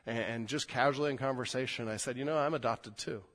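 Preaching fast in a medium-pitched voice, a middle-aged pastor swings from loud, emphatic readings of scripture to quiet, intimate asides. He repeats words often as he restarts his sentences.

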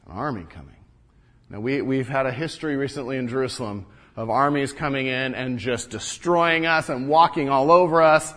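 A man's voice: medium pitch, moderate pace, fairly bright tone, lightly acted. A man playing an earnest ancient wall-builder. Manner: earnest and indignant, stumbles over repeated words. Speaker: first-person biblical character monologue. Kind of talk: dramatic first-person storytelling.

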